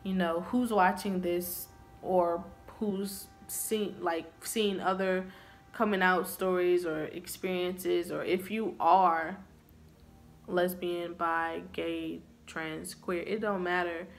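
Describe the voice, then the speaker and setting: Slow-talking young woman telling her story. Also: lowish voice, fairly even intonation, faint music behind. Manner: earnest and confessional. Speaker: vlogger. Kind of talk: personal storytelling to camera.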